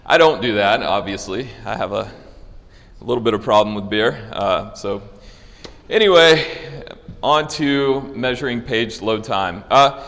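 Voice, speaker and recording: Man, low voice, conference speaker walking through code, relaxed rambling delivery, long hall reverb. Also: a little slow, vocal fry. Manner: casual, loose, with many fillers and restarts. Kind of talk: technical conference talk with live demo.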